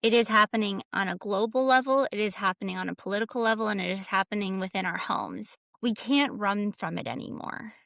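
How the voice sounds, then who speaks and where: A woman's voice: medium pitch, a little fast, gravelly, hardly any pauses, a bit bright, no echo, clean studio sound. A woman talking as a guest coach on a podcast, earnest and emphatic, stacking repeated phrases as she makes her point. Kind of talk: casual podcast conversation.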